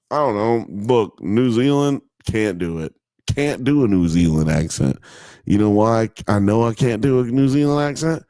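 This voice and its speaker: A man's voice: medium pitch, dry recording. A man hosting a live stream, reading chat comments aloud in a casual, joking way with frequent laughter and swearing. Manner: animated, laughing, mock accents, swearing.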